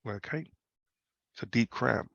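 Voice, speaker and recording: Man, gravelly voice, casual trading talk, slangy, repeats himself, dry muffled video call sound. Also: mid-range voice, animated, moderate pace, fairly bright tone, dry recording. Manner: loose, slangy, repeats himself, many tag questions. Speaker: host.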